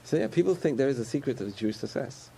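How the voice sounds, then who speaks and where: A man's voice: medium pitch, animated, fast talker, vocal fry, dark tone, slight background noise. A man giving a conversational sermon about faith, repeating phrases and chuckling often.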